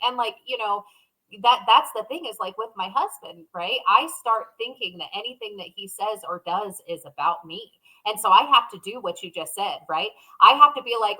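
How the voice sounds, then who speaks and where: A woman co-hosting a casual podcast, her voice bright and forward. She talks openly and emotionally, often acting out her inner thoughts as quoted voices. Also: medium pitch, lively intonation, moderate pace, poor audio. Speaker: podcast co-host. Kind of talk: casual conversation.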